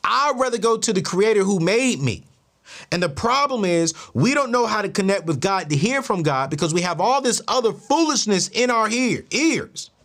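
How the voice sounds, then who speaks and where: Animated, high-pitched man telling a story. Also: moderate pace. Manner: expressive, acts out both sides of dialogues, voice jumps high in disbelief. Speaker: host.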